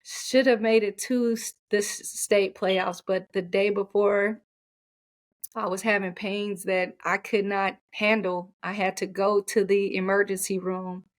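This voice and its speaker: A woman's voice: medium pitch, level tone, unhurried. A woman coach, a guest on an interview podcast, telling her personal story in a candid, heartfelt way.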